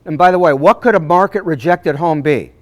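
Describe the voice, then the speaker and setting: A man giving a live seminar to real estate agents, acting out conversations with clients and clearing his throat often. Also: fairly high pitch, fairly quick. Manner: animated, acts out client dialogues, frequent throat clearing. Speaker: real estate sales trainer.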